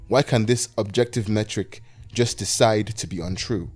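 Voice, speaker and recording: A man's voice: lowish voice, moderate pace, a little mellow, soft background music. A 21-year-old man narrating a scripted video essay with wry, self-deprecating, anxious rambling.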